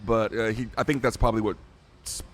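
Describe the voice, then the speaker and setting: Guy hosting a podcast, talks quick, cusses a lot, faint hiss behind. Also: lowish voice, fairly even intonation. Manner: swears freely, brisk storytelling. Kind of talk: casual podcast chat.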